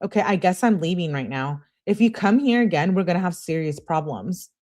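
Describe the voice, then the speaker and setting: A woman's voice: fairly low pitch, lively intonation, fairly quick, darkish tone, close to an everyday voice. A woman reading as a curt, dismissive young boyfriend.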